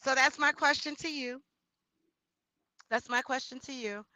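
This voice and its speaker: A woman talks a little slowly in a high voice, captured in a low-quality recording. She runs her own livestream, reading comments in loose, casual chat, loud and expressive with slangy asides aimed right at her viewers.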